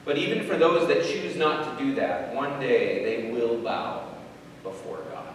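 A man's voice: mid-range voice, very animated, measured pace, distant mic. A man giving an informal sermon, thinking aloud with repeated words and rhetorical questions. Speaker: preacher. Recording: very echoey hall, voice from afar, faint noise.

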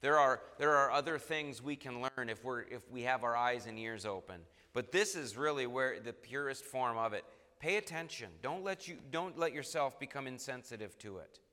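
A man's voice: mid-range voice, bright, forceful tone, in a large hall. A man preaching a sermon, emphatic and repeating phrases for stress.

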